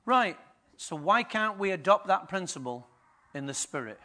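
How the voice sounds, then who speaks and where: Man, pastor, sermon, high-pitched, questions the crowd, quiet to loud. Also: lively intonation, normal speed. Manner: rhetorical questions to the congregation, swinging from quiet to loud.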